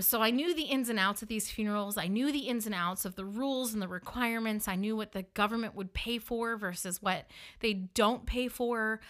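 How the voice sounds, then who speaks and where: A woman with a Northern US accent tells her story to the camera in a loose, chatty way. Her voice is bright and forward, and she keeps dropping in "like" and "you know.". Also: medium pitch. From northern United States. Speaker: funeral director telling her story.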